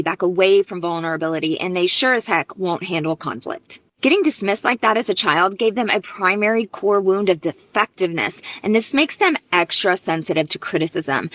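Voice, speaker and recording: A woman's voice: mid-range voice, a bit bright, no room sound, low-quality recording. Earnest woman giving relationship advice. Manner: earnest, explanatory, acts out parents' voices. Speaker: relationship coach. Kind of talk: direct-to-camera advice video.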